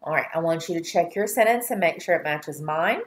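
A woman teacher giving a slow dictation lesson to young children, speaking clearly and deliberately and drawing out each syllable. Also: fairly low pitch, lively intonation, a little hiss or hum. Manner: clear, deliberate, spells words and stretches syllables.

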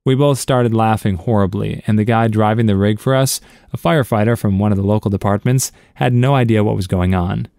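Low-voiced man reading stories aloud. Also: brisk, few pauses, warm tone, no echo, clean studio sound. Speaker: narrator. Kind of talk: scripted narration of reader stories.

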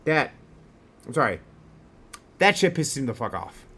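A gaming streamer in his mid-range voice delivers let's-play commentary, sing-song and pushed bright with a breathy edge. He trades relaxed jokes and banter, then flies into profane rage, swearing furiously at the enemies.

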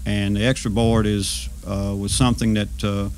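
A man looks back on his railroad job in a measured, halting way. His voice is low and gravelly, and he fills his pauses with "uh.". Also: little pitch movement, a little mellow, slight background noise. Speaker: former railroad worker. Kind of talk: oral history reminiscence.

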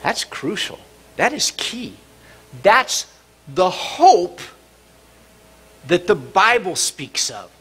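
Middle-aged pastor guy giving a sermon, high bright voice, very animated. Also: very slow, long pauses, slightly rough. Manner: dramatic, acts out cries and shouts. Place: church sanctuary.

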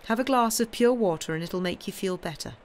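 A woman's voice: medium pitch, lively intonation, a little fast, natural voice. A woman voicing a polite, composed society lady in a storybook reading. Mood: solicitous.

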